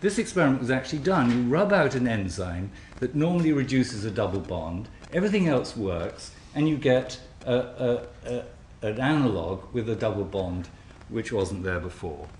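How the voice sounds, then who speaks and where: A man's voice: mid-range voice, lively intonation, moderate pace, darkish tone, slight background noise. Guy lecturing at a science symposium, dry wit, lots of restarts, roomy hall sound. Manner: wry, with frequent restarts. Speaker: scientific speaker. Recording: roomy hall with faint ambience.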